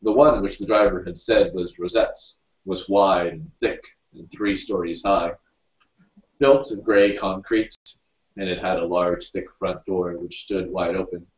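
A man reading a story aloud, narrating in an unhurried storybook manner. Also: low voice, fairly even intonation. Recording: roomy, distant mic.

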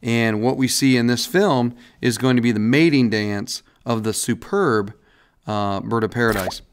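Man, biology teacher, recorded lesson, casual, folksy, mid pitch. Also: a little slow, clear, resonant tone. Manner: casual, folksy explaining with frequent "all right" and restarts. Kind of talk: recorded classroom lecture over slides.

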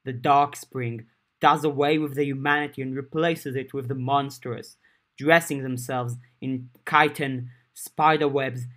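A proud, stately fairy man of the summer court, as a male reader puts him on. He speaks slowly and grandly, lingering over every phrase. His voice is steady and mid-pitched. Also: natural voice. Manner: slow, grand and theatrical. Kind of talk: audiobook character voice.

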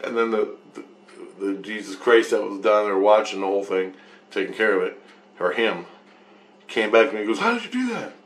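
A man's voice: on the low side, flat delivery, moderate pace, long pauses. A man telling a rambling spiritual story, swearing and chuckling often as he goes. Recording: echoey room with faint noise.

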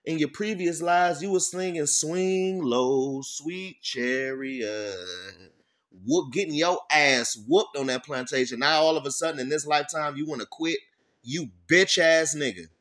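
A man giving an informal sermon. He reads verses slowly, breaks them down bluntly with profanity, and keeps checking in with "all right?". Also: a little high, fairly bright tone. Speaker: scripture teacher. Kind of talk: informal sermon with scripture reading.

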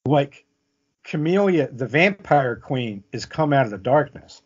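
A man's voice: medium pitch, lively intonation, a little slow, husky. A man telling a vivid story as an interview guest, often checking in with "okay?". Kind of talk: casual storytelling. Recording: muffled lo-fi audio.

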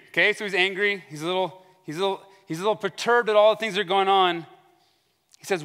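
A man's voice: fairly high pitch, brisk, sharp tone. A male pastor giving a conversational sermon in a church sanctuary, acting out the voices he quotes, heard with long hall reverb.

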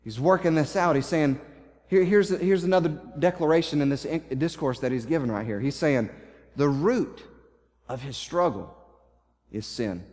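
A man's voice: fairly high pitch, normal speed, darkish tone. A man preaching a sermon with passion, often repeating and restarting his phrases as he paraphrases scripture in the first person. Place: church sanctuary. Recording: long hall reverb in a church.

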